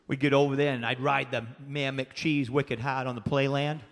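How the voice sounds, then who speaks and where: A man's voice: mid-range voice, little pitch movement, unhurried, fairly bright tone. A man from Maine with a Maine accent, doing rowdy, profane stand-up comedy, telling stories with acted-out voices. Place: comedy club stage. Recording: live club set with echoing reverb and faint room noise.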